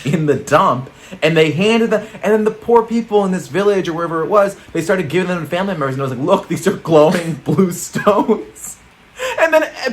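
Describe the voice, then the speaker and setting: A man co-hosting a comedy news show, chatting casually in a rambling, jokey way and laughing often. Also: medium pitch.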